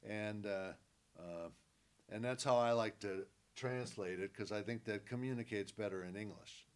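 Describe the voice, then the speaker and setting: A man's voice: fairly low pitch, moderate pace, clean tone. A man teaching from the Bible, stressing key words by repeating them and answering his own questions.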